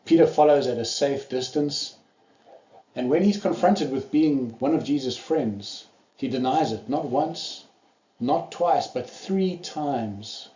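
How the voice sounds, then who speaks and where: A man's voice: mid-range voice, slow pace, warm tone, echoey room, highs cut off. A man preaching a sermon, telling the story earnestly and acting out the quoted lines.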